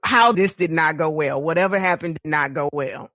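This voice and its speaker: A woman's voice: low-pitched, moderate pace, a bit bright, no echo. A woman with a Texan accent co-hosting a casual studio chat show, blunt and candid, laughing often. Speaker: podcast co-host.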